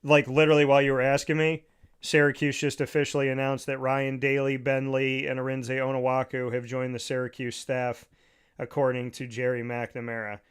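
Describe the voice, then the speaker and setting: A man hosts a relaxed sports talk show, with a smooth, clean tone in a middle register. He talks casually, restarting and repeating words as he works into his points. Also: medium pitch, normal speed. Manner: conversational, repeats words when starting thoughts. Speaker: podcast host.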